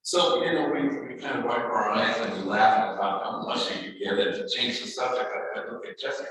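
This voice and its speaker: Gravelly priest telling a story in a hall. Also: male voice, mid-range voice, lively intonation, fairly quick, sharp tone. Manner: earnest, wry storyteller sprinkling Spanish words. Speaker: priest, guest speaker. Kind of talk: storytelling talk to an audience. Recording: echoey hall from far off.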